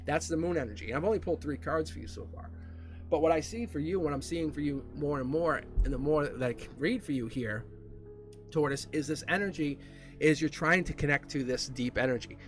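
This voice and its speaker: A man's voice: fairly high pitch, fairly quick, faint music behind. A middle-aged man giving a live-stream tarot reading, chatty and upbeat, rambling with fillers and laughs. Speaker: tarot reader.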